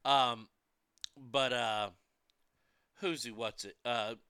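A man's voice: mid-range voice, fairly even intonation, takes it slowly, sharp tone, smooth, dry recording. A man rambling casually about food, movies and wrestling, blunt and profane, with many restarts. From United States.

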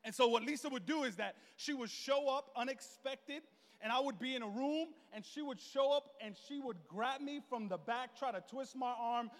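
High-voiced preacher in a reverberant hall. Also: male voice, normal speed. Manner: animated, jokey storytelling with acted quotes. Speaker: pastor. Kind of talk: sermon with a comic story. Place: church hall. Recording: long reverb in a large hall.

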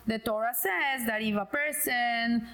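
A woman's voice: fairly high pitch, a little slow, a bit bright. A middle-aged woman giving an informal religious lesson, talking in a conversational way with fillers and restarts. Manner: conversational, many fillers and restarts, acts out quoted dialogue in a joke. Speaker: Torah class teacher.

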